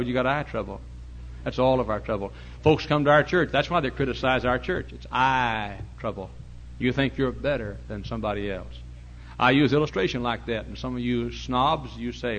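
A male pastor preaching a sermon, telling folksy stories and rising to loud preaching. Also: medium pitch, moderate pace, slight background noise.

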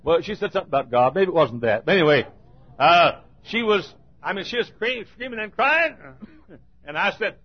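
A high-pitched, husky male preacher delivering a sermon. His telling is folksy and rambling, and it climbs into loud shouting. The recording is dull and lo-fi. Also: very animated, moderate pace.

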